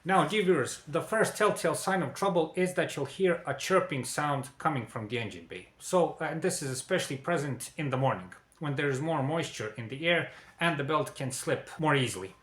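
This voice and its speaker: Bright-voiced man explaining car repairs. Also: fairly high pitch, lively intonation, a little fast, hardly any pauses, reverberant. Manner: repeats "okay?" and addresses "dear viewers". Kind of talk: instructional explainer.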